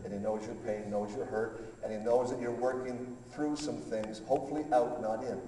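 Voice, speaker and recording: A man preaching a sermon as pastor, rising from quiet reflection to fervent loud passages and acting out conversations with God. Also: mid-range voice, fairly even intonation, moderate pace, slight background noise. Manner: impassioned, builds from quiet to loud, acts out dialogue. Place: large church hall. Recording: echoey hall from far off.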